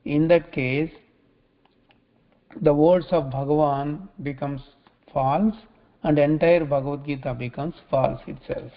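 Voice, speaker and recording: A man teaching scripture in a religious talk, halting often and repeating phrases as he restarts. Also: on the high side, fairly even intonation. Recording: dull lo-fi recording.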